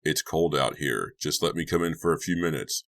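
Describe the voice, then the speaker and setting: A man's voice: very deep voice, normal speed, a bit bright. A man voicing a teasing, pleading teenage boy prankster in an audiobook, playful and wheedling. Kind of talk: audiobook character voice.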